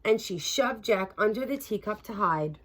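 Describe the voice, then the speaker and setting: A woman reading a children's picture book aloud, expressive and dramatic. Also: mid-range voice, normal speed, a little hiss or hum. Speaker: storyteller. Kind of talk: children's read-aloud narration.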